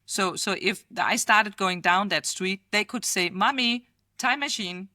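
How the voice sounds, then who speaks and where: Middle-aged Danish woman, animated guest, crisp bright tone, dry close sound. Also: medium pitch, unhurried, no echo. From Denmark. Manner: lively, laughs often, acts out quoted voices. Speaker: futurist guest. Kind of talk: casual interview chat.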